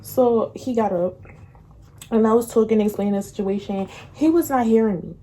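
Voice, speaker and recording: A young woman tells a breakup story in casual slang, laughing often and acting out quotes in a higher voice. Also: normal speed, mellow. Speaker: vlogger.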